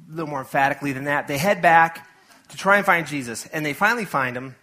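A man's voice: on the high side, quick pace, sharp tone. A man preaching a sermon to his church in a casual, conversational way, full of asides and acted-out quotes. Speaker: pastor.

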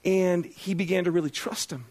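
Pastor, middle-aged man, high-pitched, relaxed and conversational from the pulpit, quizzes his congregation. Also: normal speed. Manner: conversational, self-deprecating, asks the congregation questions. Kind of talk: sermon.

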